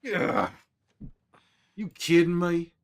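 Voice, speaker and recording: Guy doing a grizzled protective survivor, cussing and blaming himself, talks slow, game stream in character. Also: sits high, very animated, vocal fry, exaggerated voice. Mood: bitter, remorseful. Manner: swears a lot, berates himself. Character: grizzled middle-aged male survivor, protective and hot-tempered. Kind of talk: in-character gameplay commentary.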